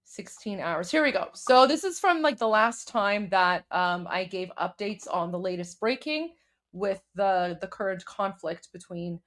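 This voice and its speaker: A woman's voice: medium pitch, animated, a little slow, a bit bright. A young adult woman hosting a live stream, chatting casually with viewers and commenting on news, with many fillers and restarts. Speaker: livestream host.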